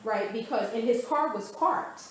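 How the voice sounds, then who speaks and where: Woman talking through what happened to her, lively storytelling, really echoey room w faint background hum. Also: a little high, a little slow. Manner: animated storytelling, often acting out quoted speech. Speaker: interviewee. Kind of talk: recounting events in a conversational interview.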